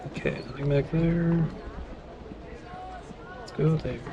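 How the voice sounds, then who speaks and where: A man playing through a fantasy role-playing game, thinking aloud as he goes in a casual, mumbly manner. His voice sits a bit high for a man. Faint background sound runs under his talk. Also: slow pace, highs cut off, noisy background. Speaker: let's play gamer.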